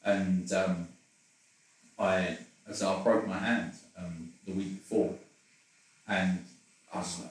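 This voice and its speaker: A man's voice: low-pitched, flat delivery, takes it slowly, pauses often, very echoey, recorded from a distance, low-quality recording. A man candidly telling personal stories in conversation, rambling and self-deprecating with frequent laughs. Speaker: interview guest.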